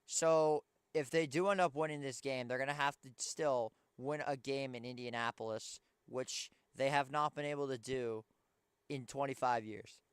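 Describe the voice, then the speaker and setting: A man's voice: mid-range voice, fairly even intonation, normal speed, clear, resonant tone, no echo. A young man hosting a pregame basketball show, ranting as a frustrated fan and sounding tired. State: tired, yawning. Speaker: sports show host.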